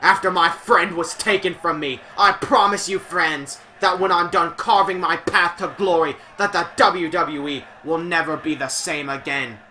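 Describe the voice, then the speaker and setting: A man putting on a rough Scottish accent to read a wrestler's brooding promo, speaking solemnly and dramatically. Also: fairly high pitch, steady tone, moderate pace, hardly any pauses, pushed and bright, slight background noise, voice pushed up. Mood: vengeful. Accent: put-on Scottish, admittedly poor. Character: brooding Scottish male wrestler vowing vengeance.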